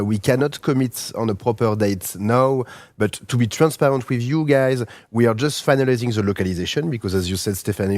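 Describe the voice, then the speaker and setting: A man's voice: mid-range voice, darkish tone, dry recording. A man with a French accent, a native French speaker, chatting eagerly about game updates on a live stream, with many fillers and restarts. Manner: enthusiastic, hesitant with fillers. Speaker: studio community team member co-hosting a stream. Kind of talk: casual live-stream chat.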